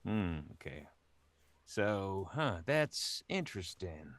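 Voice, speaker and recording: A man's voice: low voice, very animated, slow pace, dry recording. A man playing a tabletop game, casual and jokey, laughing often. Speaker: player.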